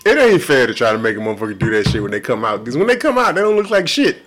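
A man's voice: medium pitch, sing-song, racing, a crowd in the background. Wildly swooping man cracking crude one-liners. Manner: joking sidekick with loud, swooping laughter and one-liners. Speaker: podcast co-host. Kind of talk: casual crude chat.

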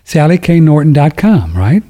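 Rambling older male radio host, very dark voice. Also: a little high, sing-song, normal speed. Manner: rambling, jokey, self-interrupting. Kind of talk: casual talk radio with ad reads.

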